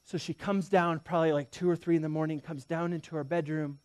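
A man's voice: fairly high pitch, level tone, fast, smooth, no room sound. A man in his thirties preaching a sermon as pastor, talking straight to the congregation and telling stories. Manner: swings from loud emphasis to hushed near-whisper; storytelling, direct address to the congregation.

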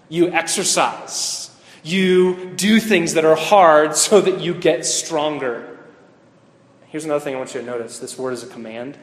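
A man's voice: a little high, a little hiss or hum. A man preaching a sermon. He asks the listeners questions and repeats his main points. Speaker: pastor or Bible teacher. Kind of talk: interactive sermon. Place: teaching room or church hall with a board. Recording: echoey hall with long reverb.

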